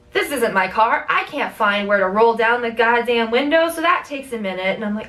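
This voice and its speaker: A young Canadian woman telling a road-trip story in a casual vlog, animated, swearing freely and acting out what people said. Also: brisk, hardly any pauses, recorded from a distance, low-quality recording. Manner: animated, swearing, acts out quotes with big pitch jumps. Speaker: vlogger.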